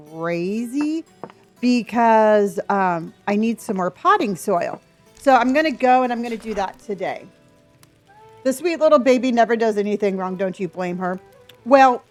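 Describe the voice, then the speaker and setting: A woman streaming a video game from home, chatting casually and greeting viewers by name. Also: mid-range voice. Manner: bubbly, greets chat by name. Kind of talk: casual livestream chat.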